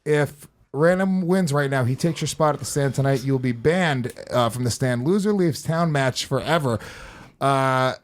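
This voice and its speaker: A man hosting a comedy podcast, loud and teasing, laughing often. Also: mid-range voice, moderate pace. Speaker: host.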